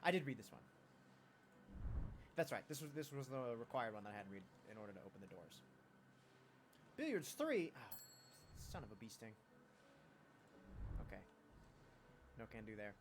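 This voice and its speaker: A man's voice: lowish voice, brisk, long pauses, slight background noise. A man casually talking through a story game, rambling and poking fun at himself. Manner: rambling, self-deprecating, many restarts. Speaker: gamer. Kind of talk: casual gameplay commentary.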